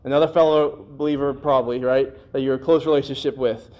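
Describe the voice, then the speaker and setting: A man preaching a sermon in a conversational way, with folksy asides, and slowing down on scripture phrases. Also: mid-range voice, steady tone, darkish tone. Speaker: pastor.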